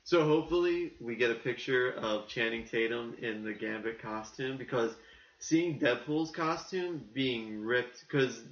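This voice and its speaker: A man co-hosting a casual podcast, talking in an animated, rambling way and acting out the quotes he tells. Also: mid-range voice, unhurried. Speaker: podcast co-host. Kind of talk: casual chat. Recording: muffled, echoey room.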